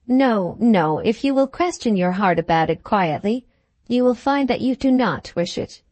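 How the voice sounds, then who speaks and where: A woman's voice: fairly high pitch, lively intonation, moderate pace, a little mellow, no room sound, lightly acted. Clara, a resolute young Victorian woman, as a narrator reads her. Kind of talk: audiobook dialogue reading.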